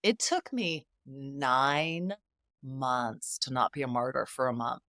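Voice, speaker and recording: Animated middle-aged woman telling stories. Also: rumbling low, takes it slowly, dry recording, clean studio sound. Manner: animated, emphatic storyteller who acts out quoted dialogue. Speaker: guest. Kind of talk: conversational interview.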